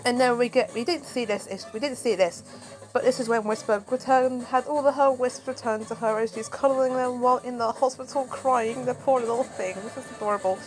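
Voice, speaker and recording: A woman recaps a comic book in a relaxed, chatty style, animated and quick to react. Her voice sits on the higher side. She comes across as casual and engaged. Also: poor audio.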